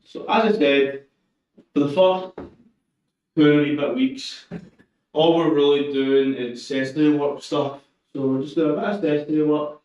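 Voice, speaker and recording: A man chatting casually during a live stream while he trains, relaxed and swearing now and then. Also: on the high side, moderate pace, pauses often. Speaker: streamer training for a powerlifting meet. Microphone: shotgun mic through a camera, away from him. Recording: echoey, distant, muffled lo-fi mic.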